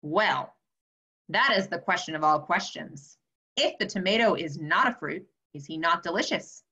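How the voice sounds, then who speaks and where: A woman's voice: on the low side, expressive, bright, forceful tone, husky, exaggerated voice. A wise old produce sage, put on by a woman. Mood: solemn. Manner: slow, grand, riddling speech. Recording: slightly dull lo-fi audio.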